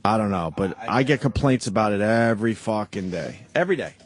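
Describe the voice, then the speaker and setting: A man's voice: lowish voice, lively intonation, a little fast. A man hosting a radio talk show, chatting casually in the studio and ranting profanely about everyday annoyances. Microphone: studio microphone.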